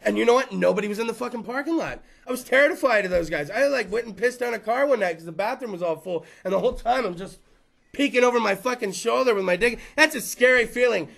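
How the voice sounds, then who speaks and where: Male host, thirties, profane stand-up rant; bright, edgy timbre. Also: very high-pitched, expressive, fast, gravelly. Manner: crude, profane, rambling storyteller. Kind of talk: stand-up style rant to a live room. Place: room with small live audience.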